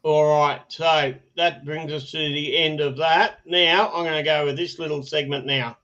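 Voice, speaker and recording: Man, fairly high voice, rambling, laughs often, dull lo-fi audio. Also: steady tone, moderate pace, bright, forceful tone. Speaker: podcast host. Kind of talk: casual podcast chat.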